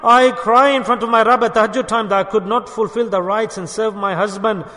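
Man doing a soft-spoken devoted wife, quiet, bright voice, echoey hall. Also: high-pitched, moderate pace. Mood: tender. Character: gentle devoted wife, hurt yet loving. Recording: long hall reverb.

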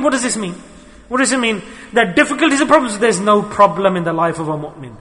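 High, bright man preaching in a hall. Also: expressive, quick pace. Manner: earnest, repeats key phrases. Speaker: Sufi teacher. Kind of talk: sermon.

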